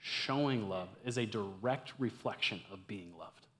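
A young man giving a casual, conversational sermon to a campus ministry group, swinging from loud, excited bursts to hushed, earnest lines. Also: fairly low pitch, measured pace.

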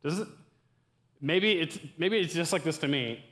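A young man giving a casual, conversational sermon to a campus ministry group, swinging from loud, excited bursts to hushed, earnest lines. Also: a little high, a little slow.

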